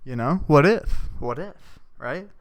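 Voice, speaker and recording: A young man hosting a podcast, delivering an absurd, deadpan comic monologue that he keeps punctuating with "right?". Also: fairly high pitch, takes it slowly, no room sound. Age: young adult. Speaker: podcast host.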